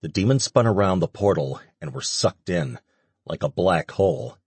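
A man reading a fantasy audiobook in steady scripted narration. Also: sits low, moderate pace, breathy edge, no room sound.

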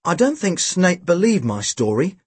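A man's voice: high voice, sing-song, moderate pace, breathy edge, no room sound, voice pushed up, full character voice. A man voicing a dim, cheerful adult ex-constable with a naive, indignant manner and raised voice. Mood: dazed.

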